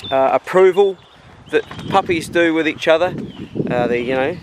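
A man training his dog outdoors on rural land, chatting and explaining as he goes, with high-pitched calls and praise for the dog. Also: normal speed, noisy background. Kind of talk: casual outdoor training demo.

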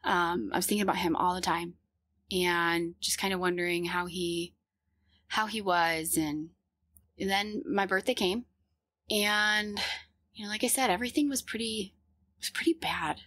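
A woman in her thirties telling a personal story in an earnest, halting way, with many fillers and restarts. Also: fairly low pitch, steady tone, a bit bright, no room sound.

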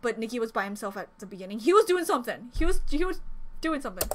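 High, bright, gushing woman reacting. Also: very animated, very fast. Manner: gushing, exclamatory, rambling and emotional. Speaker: K-pop reaction youtuber. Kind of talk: excited music video reaction.

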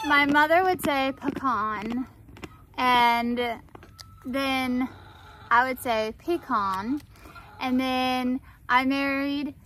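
Woman, farm vlog chat, high-pitched, slow and easy, coaxing, animals and faint noise behind. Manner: chatty, talks to animals in a soft coaxing voice. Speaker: farm vlogger. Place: outdoors on a farm. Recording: faint background noise outdoors. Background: farm animals and outdoor ambience.

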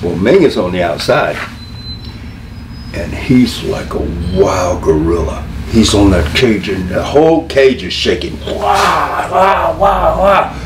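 An older man spins a long, animated story in a roomy, echoing room. He rambles, repeats himself and laughs easily. A faint hum sits under his voice. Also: deep voice, a little slow, recorded from a distance. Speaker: interview guest, former wrestling manager. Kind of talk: storytelling in a career interview. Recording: roomy echo.

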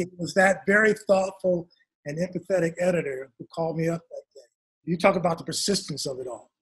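A man's voice: a little high, slightly rough. A man, an author and guest, telling a long personal story in an interview and acting out his parents' lines.

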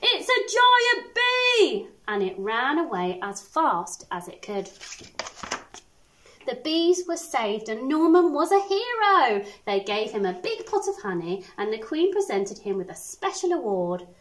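A woman primary school teacher reading a picture book aloud to children, expressive with little asides. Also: on the high side, a little slow, poor audio. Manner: animated, expressive storytelling with asides.

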